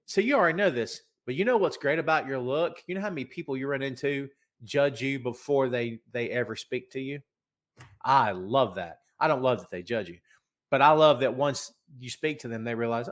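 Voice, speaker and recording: A middle-aged man with a medium-pitched, fairly bright voice hosts a wrestling podcast while battling a head cold. He rambles and jokes in casual conversation with a co-host.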